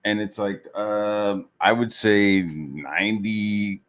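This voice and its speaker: A man's voice: lowish voice, steady tone, takes it slowly, a bit bright. A man ranting heatedly as a streamer, swearing constantly, with lots of fillers, mocking other people in raised voices. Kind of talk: profane rant.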